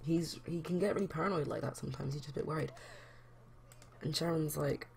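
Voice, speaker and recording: A woman's voice: low voice, quick pace, vocal fry. A young woman chatting casually as a let's play host, rambling with lots of fillers. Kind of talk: casual game commentary.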